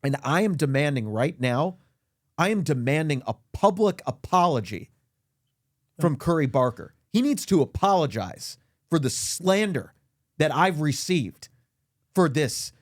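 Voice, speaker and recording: Man, podcast guest, comedic rant, whiny, indignant, self-pitying, higher-pitched. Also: big pitch swings, measured pace, dry recording, clean studio sound. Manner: indignant, whiny self-pity, voice climbs high when ranting. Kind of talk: comedic mock interview rant.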